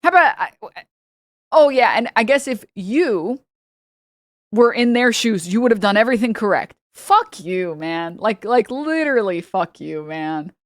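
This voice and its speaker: A woman's voice: a little high, expressive, unhurried, no room sound, studio quality. A young woman streamer reacting heatedly on a live stream, profane and full of stumbling restarts.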